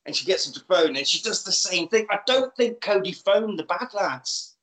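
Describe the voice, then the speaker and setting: Animated man, echoey room. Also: sits high. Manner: animated, acts out lines in quick put-on voices. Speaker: podcast co-host. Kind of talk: casual chat, retelling a film.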